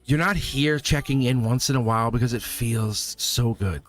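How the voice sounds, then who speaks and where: A man hosting a live tarot stream, talking straight to his viewers in an animated way and laughing often. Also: medium pitch, normal speed, faint music behind.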